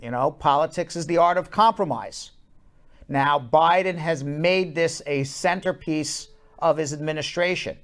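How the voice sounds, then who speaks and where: A male talk show host explains politics in a casual, animated way, his voice sitting a little higher than most men's. He rushes through some points in quick bursts and fills the gaps with ums and you-knows. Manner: animated, fast bursts with many fillers.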